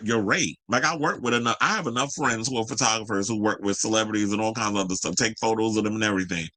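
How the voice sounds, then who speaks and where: Male pop culture commentator, sarcastic and profane, bright voice, dry booth sound. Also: lowish voice, dry recording, poor audio. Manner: sassy, profane, sarcastic, mocking. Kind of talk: ranting commentary video.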